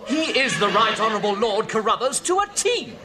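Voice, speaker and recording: An actor playing a fussy, effusive amateur theatre director who stammers and repeats himself. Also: male voice, high voice, sing-song, brisk, crowd noise. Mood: gushing. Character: fussy, gushing male amateur stage director. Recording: noisy old television sitcom recording.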